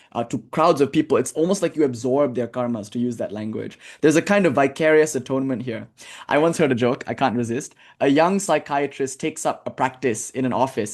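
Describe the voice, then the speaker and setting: A man giving a spiritual lesson, reading a text aloud and breaking off into casual, chatty commentary. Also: on the high side. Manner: casual, chatty asides, frequent "like". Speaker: spiritual teacher.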